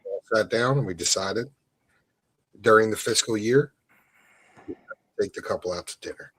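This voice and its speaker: A man's voice: fairly low pitch, moderate pace, a bit bright, husky, no echo. A man co-hosting a casual podcast, laid-back and explaining things plainly. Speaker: podcast co-host.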